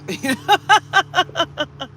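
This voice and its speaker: Woman from Detroit, live-stream host, animated and giggly, very lively pitch, webcam sound. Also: very slow. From Detroit, USA. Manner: animated, greets viewers by name, laughs often. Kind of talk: casual live-stream chat.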